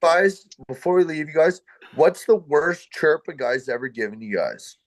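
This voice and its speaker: A man's voice: on the high side, animated, no echo. Man, ex-player, crude banter, dry close recording. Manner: laughing, crude, quick to cut in. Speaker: former hockey player. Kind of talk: casual chat.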